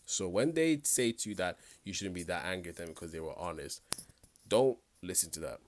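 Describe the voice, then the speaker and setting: A man's voice: low voice, expressive, brisk, slight background noise. A man giving reaction commentary, talking bluntly and directly to the viewer in a conversational way.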